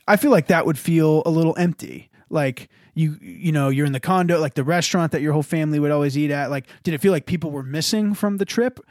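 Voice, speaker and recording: A young adult man, a pastor, chatting casually on a podcast in an animated, rambling way and laughing often. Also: fairly high pitch, dry recording, studio quality.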